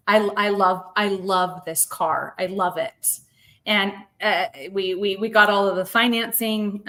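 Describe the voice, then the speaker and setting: A woman's voice: on the low side, bright, forceful tone. A woman in her thirties, a podcast guest, telling a personal story earnestly and emotionally, close to tears and repeating words as she goes. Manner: earnest, heartfelt, with frequent word repeats.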